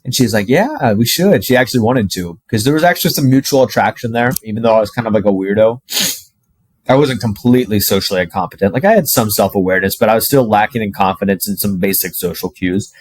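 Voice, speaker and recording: A young man telling a personal story to camera in a casual, animated way, full of "like" and the odd swear word. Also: on the low side, quick pace, no echo, low-quality recording. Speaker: dating coach.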